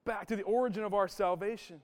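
High-voiced man preaching in a hall. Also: fairly even intonation, fast talker. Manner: impassioned preaching, rising emphasis. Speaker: pastor. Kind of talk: sermon.

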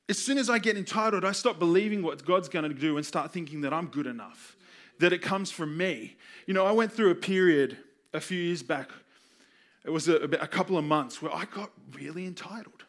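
Male preacher, higher-pitched, earnest storytelling sermon delivery. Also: fairly quick, a bit bright. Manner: earnest storytelling, acts out quoted voices.

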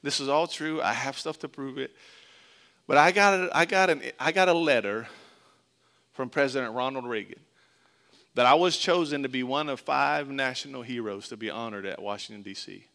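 A man's voice: mid-range voice, bright, forceful tone, clean tone. A middle-aged man from Florida preaching a sermon in a conversational, joking way, mixing scripture with a story from his own childhood. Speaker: pastor.

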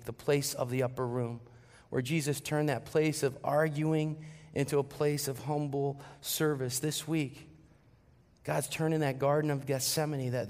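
Animated pastor preaching in an echoey church. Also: male voice, medium pitch, creaky. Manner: storytelling with animated quoted voices. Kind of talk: sermon. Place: church sanctuary. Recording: long reverb of a church hall.

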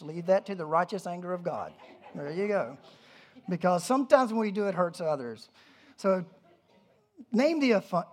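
A pastor giving a conversational sermon, animated, with humorous asides and frequent restarts. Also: mid-range voice.

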